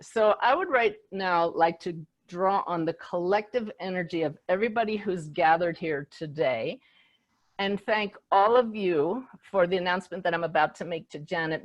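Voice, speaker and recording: A woman's voice: fairly low pitch, moderate pace, dry recording, highs cut off. Enthusiastic middle-aged woman hosting. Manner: enthusiastic, storytelling with quoted dialogue. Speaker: spiritual medium and host. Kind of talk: warm live online event talk. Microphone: video call.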